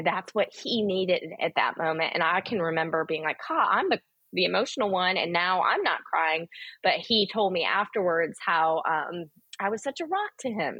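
A woman's voice: lowish voice, a bit bright, husky, no room sound, lo-fi sound. A woman, a guest author on a podcast, telling personal stories in an earnest, emphatic way with frequent fillers. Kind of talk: candid podcast conversation.

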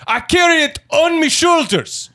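Man as a ranting British bandmate, very high, bright, yelling and swearing. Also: animated, measured pace, full character voice. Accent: put-on British. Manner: shouting, cursing, indignant. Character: loud hot-headed British male bandmate. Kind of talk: improvised comedy sketch.

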